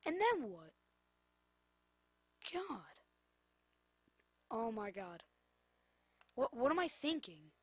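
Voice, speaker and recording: A woman's voice: on the high side, big pitch swings, extremely slow, long pauses, breathy edge, dry recording. A woman commentating her own football video game, exasperated and scolding the players on screen. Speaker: gamer. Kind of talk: gameplay commentary.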